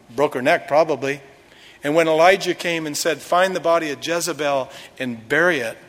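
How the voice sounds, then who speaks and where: A man's voice: a little high, long reverb tail. A male pastor preaching a sermon, retelling a story dramatically with acted quotes.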